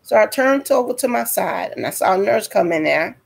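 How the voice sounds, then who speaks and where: A woman's voice: mid-range voice, expressive, normal speed, creaky, slightly rough. A woman telling a dramatic personal story to her viewers in a storytime vlog, speaking directly to them. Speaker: vlogger.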